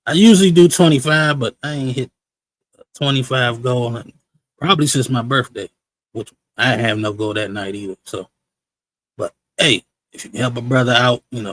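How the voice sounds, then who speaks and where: Running a relaxed review stream, this host reacts to clips and gives viewers shout-outs, keeping things slangy and chatty. He talks at a moderate pace in a mid-range voice over poor audio.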